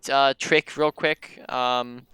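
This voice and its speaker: A man's voice: mid-range voice, fairly even intonation, slow, a crowd in the background. A man coaching a player through a gameplay review, explaining at length with frequent ums and restarted sentences. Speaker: game coach.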